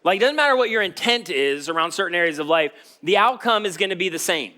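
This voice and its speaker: Bright-voiced, high male pastor. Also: lively intonation, fast talker. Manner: casual, joking storytelling. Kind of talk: sermon. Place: church stage.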